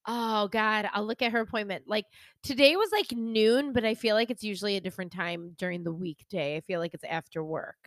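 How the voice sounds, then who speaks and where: A woman's voice: medium pitch, brisk, no room sound. A young adult woman co-hosting a podcast, telling a funny story in casual chat with many fillers. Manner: animated storytelling, lots of "like". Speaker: podcast co-host. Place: hairdresser, talks of her salon.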